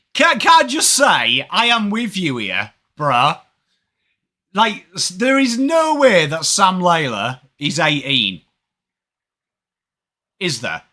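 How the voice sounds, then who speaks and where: A man in his thirties from England, with an English accent, chats with viewers on a live stream during a sports watch-along, greeting chat viewers by name. His voice sits high, with a bright, forceful tone.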